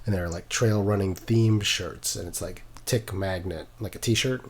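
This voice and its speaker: A man hosting a casual running podcast, relaxed and teasing, giving shout-outs to friends. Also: low-pitched, measured pace, slight background noise. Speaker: podcast host. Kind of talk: casual chat.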